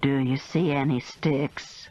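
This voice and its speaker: A woman voicing a calm, level-headed Southern sister who speaks low and hushed. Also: takes it slowly, dull audio, exaggerated voice.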